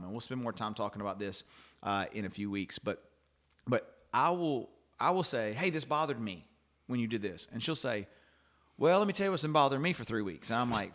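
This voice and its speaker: A middle-aged man hosting a relaxed faith-based podcast chat at a medium pitch. He rambles, restarts his sentences and acts out the lines he quotes. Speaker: podcast host.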